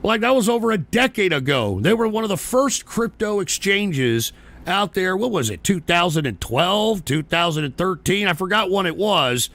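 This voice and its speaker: A man hosts a live-streamed show in a bright, sharp voice with a gravelly rasp. He rants in a profane, combative way. He mocks his viewers and argues back at the messages they send in. His voice sits a little high for a man. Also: expressive, normal speed. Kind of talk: casual ranting commentary.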